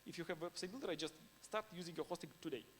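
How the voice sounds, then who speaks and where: A man's voice: on the high side, racing, fairly bright tone, a little hiss or hum. A man giving a conference talk in non-native English, informal and anecdotal, laughing now and then between points. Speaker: conference speaker.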